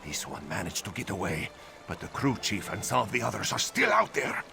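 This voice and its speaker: Gravelly sarcastic cat-folk miner. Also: male voice, lowish voice, very animated, fairly quick, background noise, full character voice. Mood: prickly. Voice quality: gravelly, speaks of himself in third person. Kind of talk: video game voice acting.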